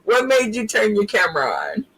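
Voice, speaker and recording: A man's voice: sits high, wildly swooping pitch, normal speed, a bit bright, husky, low-quality recording. A man hosting an online comedy show over video call, laughing and calling out to the audience like an emcee. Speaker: host.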